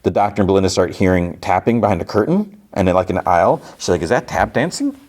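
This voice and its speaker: A man's voice: deep voice, fast, a little mellow. A man hosting a podcast, retelling a TV episode in a casual, rambling way with many fillers. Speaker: podcast host.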